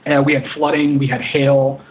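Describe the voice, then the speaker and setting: A man speaks in an earnest, rambling way, often restarting his sentences as he explains his work as a film director. His voice sits in an ordinary middle pitch. The sound is thin and phone-like, with the full range of the voice cut away. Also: level tone, moderate pace. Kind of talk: casual interview. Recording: tinny phone-like line.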